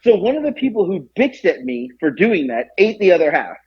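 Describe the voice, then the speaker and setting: A male podcast co-host tells a story in casual chat, animated and profane, acting out other people's voices. His voice is high-pitched, fairly quick, and slightly rough, with lo-fi sound and no room ambience.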